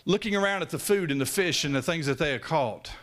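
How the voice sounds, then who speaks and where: A man preaching a sermon, swinging from loud raised peaks down to hushed, low lines. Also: expressive, fast.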